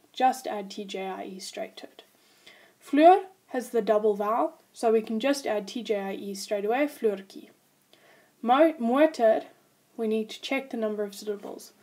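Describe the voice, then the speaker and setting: A woman's voice: fairly high pitch, dark tone. A woman teaching a language lesson, patiently explaining grammar rules and spelling words out letter by letter.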